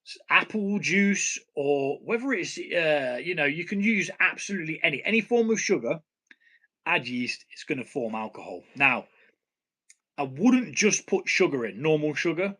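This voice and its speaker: British male home-brew streamer, casual and blunt, fairly high, bright voice. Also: very animated, normal speed. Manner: blunt, swears casually, laughs at himself. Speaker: home brewing channel host. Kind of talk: casual live stream chat.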